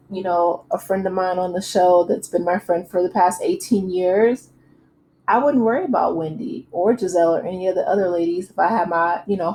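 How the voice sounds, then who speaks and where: A woman's voice: medium pitch, warm tone, slight background noise, low-quality recording. A woman recapping a reality show in a casual, chatty way, full of asides and fillers. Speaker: recap vlogger. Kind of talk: casual chat.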